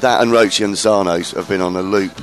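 A man's voice: low voice, fairly even intonation, fast, faint music behind. A man hosting a casual radio chat, enthusiastic and rambling, often restarting his sentences. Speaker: radio show host.

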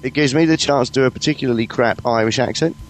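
A man's voice: medium pitch, quick pace, a little hiss or hum. A man from the UK co-hosting a podcast, rambling in cheeky, casual comedy banter. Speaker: podcast co-host.

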